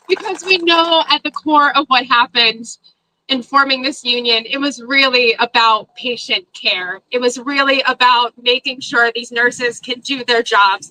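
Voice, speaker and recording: A woman's voice: high voice, bright, forceful tone, rough recording. A woman county executive giving an emotional, fervent rally speech. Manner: emotional, fervent public speaking.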